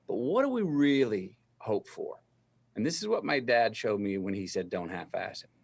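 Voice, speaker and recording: A middle-aged man, a guest telling a story in an interview, slow and deliberate as he acts out remembered dialogue. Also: mid-range voice, big pitch swings.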